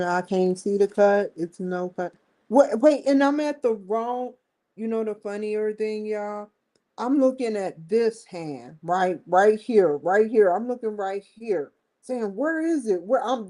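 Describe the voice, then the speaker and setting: A woman's voice: mid-range voice, unhurried, warm tone. A woman hosting a casual vlog, talking straight to her viewers in a chatty way and often breaking into laughter. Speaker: vlogger and show host. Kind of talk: casual vlog talk to camera.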